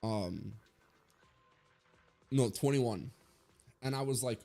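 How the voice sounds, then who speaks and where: A man's voice: mid-range voice, unhurried, darkish tone, faint music behind. A man in his twenties giving a blunt, rambling opinion rant full of swearing, as a streamer talking to his viewers.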